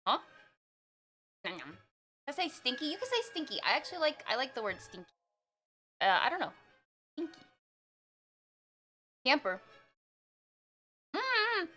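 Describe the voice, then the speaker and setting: Lively high-voiced woman streamer. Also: normal speed, pauses often. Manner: excitable, laughs often, talks while eating. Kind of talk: casual live-stream chat, reading viewer messages.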